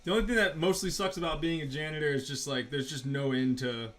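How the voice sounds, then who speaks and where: Man, slightly higher voice, loose profane storyteller, chats over faint music while drawing. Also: fairly even intonation, fast, fairly bright tone. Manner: rambling, profane, filler-heavy storytelling. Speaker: artist vlogger. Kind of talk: casual rambling chat while drawing.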